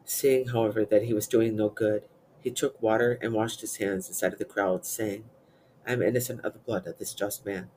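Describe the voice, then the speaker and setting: A man with a fairly low voice recites psalms and prayers in an even, measured cadence. His reading is unhurried and devotional. A faint hiss sits under the recording. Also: rough recording. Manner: steady measured chanting-like recitation. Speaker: prayer reader.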